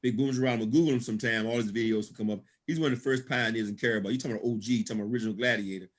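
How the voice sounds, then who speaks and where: A man's voice: mid-range voice, rapid-fire. A man giving a motivational storytelling talk at a business event, laughing often and calling out praise in a folksy, preacher-like way. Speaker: guest speaker at a business opportunity event.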